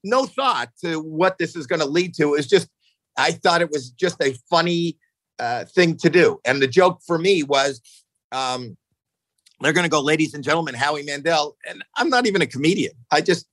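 A man in his sixties telling stories casually on a podcast, animated, jumping into acted-out quotes, swearing freely, often restarting his sentences. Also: moderate pace, no room sound, poor audio. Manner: animated, acts out quotes with jumps in pitch. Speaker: podcast guest. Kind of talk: casual storytelling chat.

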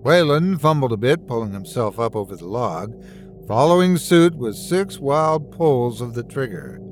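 A man's voice: medium pitch, lively intonation, normal speed, soft background music. A man narrating a first-person horror story with suspenseful, dramatic storytelling.

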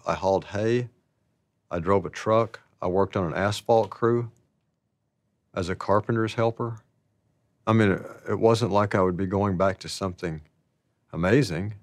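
A man telling stories about his past in a slow, rambling, casual way, laughing often. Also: lowish voice, no room sound. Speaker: interviewee. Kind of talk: casual storytelling.

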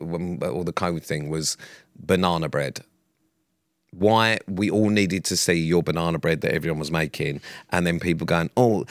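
A young man co-hosting a chat podcast, ranting and swearing freely. His voice sits a little low. The sound is dry and close, with no room around it. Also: dry recording. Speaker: podcast co-host. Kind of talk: casual chat.

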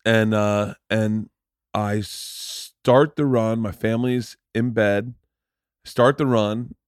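A man hosting a podcast, telling family stories in an animated, casual way, swearing freely. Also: lowish voice, slow, dry recording, studio quality. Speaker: podcast host. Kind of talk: casual conversational storytelling.

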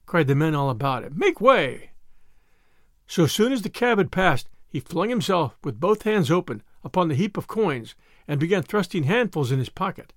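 A man reading a classic novel aloud as a dramatic, expressive audiobook narrator. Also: a little high, no room sound, studio quality. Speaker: audiobook reader.

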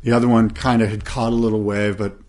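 A man co-hosting a surf podcast, telling rambling stories in a relaxed, casual way. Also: fairly low pitch, quick pace. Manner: relaxed, rambling storytelling with surfer slang. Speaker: podcast co-host. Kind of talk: casual chat.

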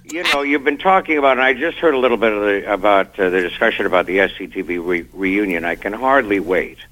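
A man's voice: lowish voice, fast talker, a bit bright, low-quality recording. A man with a nasal voice calling in as a surprise guest, chatting playfully and joking. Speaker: phone-in guest. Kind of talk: casual interview chat.

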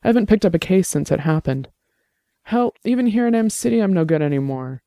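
A man voicing a shaken young woman who speaks softly and haltingly, close to tears. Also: high voice, lively intonation, no room sound, pitched above the performer's own voice. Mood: fragile, tearful. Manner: soft, halting, tearful.

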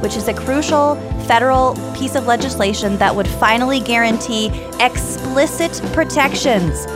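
A woman co-hosting a chatty podcast, earnest and emphatic, quick to laugh. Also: a little high, over music. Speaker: podcast co-host. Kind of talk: casual chat and read-out plug.

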